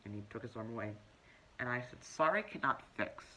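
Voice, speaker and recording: A man's voice: medium pitch, fairly quick, rough recording. A man playing a self-righteous, preachy young woman who tells her story in a pompous, lecturing comedic monologue. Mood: indignant. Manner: pompous, lecturing, deadpan self-important delivery.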